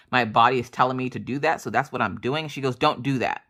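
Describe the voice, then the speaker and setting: A woman in her thirties chatting casually to her viewers, telling stories with jokes and quick asides. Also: rumbling low. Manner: chatty, jokey, animated storytelling. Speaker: crafting vlogger. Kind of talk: casual storytelling chat.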